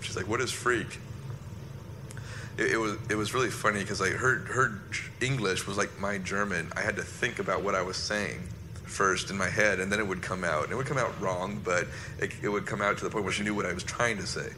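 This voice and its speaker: A man, a former soldier recounting an incident in a halting, reflective personal monologue. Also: low voice, fairly even intonation, noisy background.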